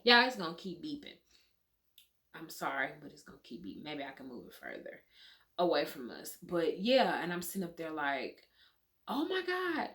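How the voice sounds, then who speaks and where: A woman's voice: sits low, very animated, moderate pace, a bit bright. A young adult woman telling her birth story to viewers in a candid, emotional, casual storytime, swearing freely.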